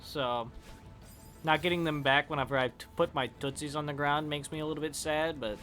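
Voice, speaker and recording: A man's voice: on the high side, steady tone, brisk, a bit bright, soft background music. A man chatting casually with viewers while playing a game on a live stream, rambling and swearing when he fails.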